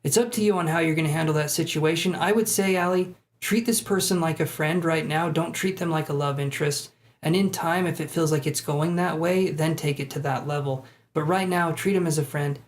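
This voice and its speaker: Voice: mid-range voice, brisk. Chatty live-stream tarot reader. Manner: chatty, casual, self-deprecating asides.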